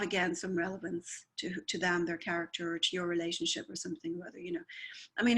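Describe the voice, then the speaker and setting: A woman's voice: medium pitch, sharp tone. A woman who works as a spiritualist medium, talking in a chatty, rambling way and often checking with "right?". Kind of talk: conversational talk.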